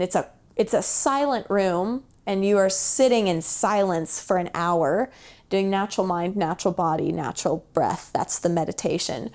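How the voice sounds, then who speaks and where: Woman guest, casual storyteller, mid pitch, animated, acts out quoted lines. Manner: chatty, with fillers like "like" and "um". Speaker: podcast guest.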